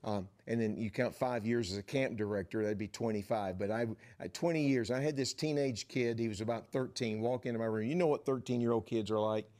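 Middle-aged male pastor preaching, mid pitch. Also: fairly quick, few pauses. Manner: storytelling, lively, builds in volume for emphasis. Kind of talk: sermon.

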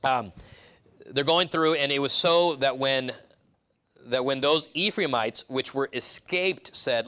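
A man delivers a sermon in a loose, conversational way, circling back and restarting his sentences. His voice is bright and forward at a middling pitch. He slips into quick acted voices for the people he quotes. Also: clean tone. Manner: rambling, conversational, many restarts and asides. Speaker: pastor. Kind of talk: casual expository sermon.

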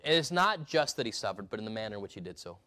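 A male pastor preaching a sermon, emphatic, swinging between loud and hushed delivery. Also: fairly low pitch, sing-song, racing.

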